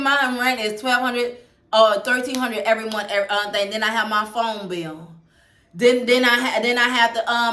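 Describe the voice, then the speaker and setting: Halting, teary single mom in echoey room. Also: female voice, on the high side, pushed and bright. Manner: halting, repeats words, talks to viewers directly. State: near tears. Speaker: single mother vlogger. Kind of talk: emotional personal vlog. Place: home room.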